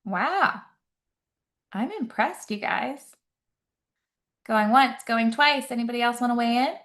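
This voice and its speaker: A woman's voice: fairly high pitch, measured pace, a bit bright. Woman nurse educator on a webinar, chatty and upbeat, keeps asking the chat stuff, "right?" a lot. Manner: upbeat, quizzing the audience with frequent "right?". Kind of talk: live webinar teaching.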